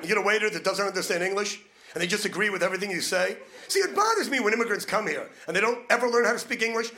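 A male stand-up comedian with a brash, fast-talking manner, needling the crowd from a comedy club stage during a live set. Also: high-pitched, bright, forceful tone. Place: comedy club stage before a laughing audience. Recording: noisy live club recording.

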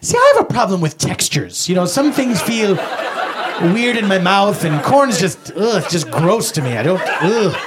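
A man's voice: high-pitched, very animated, moderate pace. A man voicing a starving famine-era man who moans melodramatically and complains like a picky eater. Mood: fussy. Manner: melodramatic moaning and fussy complaining. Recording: noisy live stand-up recording.

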